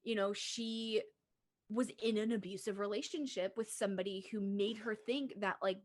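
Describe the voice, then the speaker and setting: A sleepy woman co-hosts a casual chat over a video call. She talks loosely with plenty of "like" fillers and laughs often, her voice sitting in a middle pitch for a woman. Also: steady tone, normal speed. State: sleepy, yawning. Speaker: co-host.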